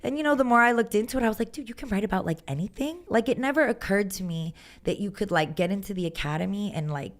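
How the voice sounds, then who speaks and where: A woman's voice: medium pitch, quick pace, few pauses. A woman, a musician and guest, chatting casually and animatedly, filling her talk with "like" and acting out what people said. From Texas. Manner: animated storyteller, lots of "like", acts out quotes. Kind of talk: casual chat.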